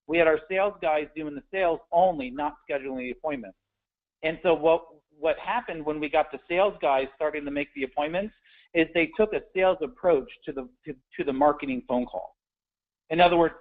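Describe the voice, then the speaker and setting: Man coaching over tinny phone-like audio. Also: a little high. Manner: conversational, repeats words when restarting, direct. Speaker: sales trainer. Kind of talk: instructional talk on phone scripts.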